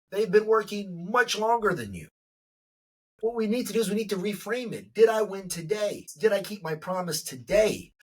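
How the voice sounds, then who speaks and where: A man's voice: high-pitched, slightly rough, far from the mic, low-quality recording. A middle-aged man hosting a podcast, giving an emphatic motivational monologue and repeating lines for effect. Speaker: podcast host.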